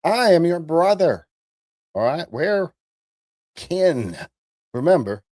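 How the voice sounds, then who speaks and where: A man hosting a live-stream commentary show, talking straight to his viewers in an animated way. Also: a little high, slow pace, dry recording, clean studio sound. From United States. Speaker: host.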